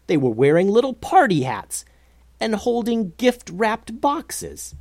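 A storyteller narrating an adventure story for children in an animated, expressive way. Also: mid-range voice, measured pace, no echo.

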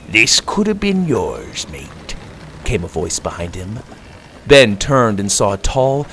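A man narrating a children's adventure story aloud, expressive and reading aloud. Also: lowish voice, slight background noise.

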